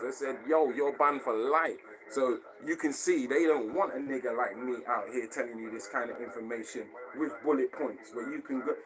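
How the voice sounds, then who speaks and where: A man's voice: on the high side, low-quality recording. A man hosting a live stream, talking casually and bluntly to his viewers, swearing often and asking again and again whether they understand. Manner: blunt and profane, often asks if you understand.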